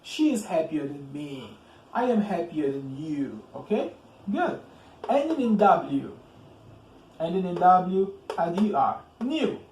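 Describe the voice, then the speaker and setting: A man teaching English grammar, speaking slowly and deliberately, repeating each word and asking "okay?" to check understanding. His voice sits a bit high for a man, and a roomy echo with faint background ambience surrounds it. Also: sing-song, a little mellow, a little hiss or hum. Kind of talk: slow, deliberate grammar lesson.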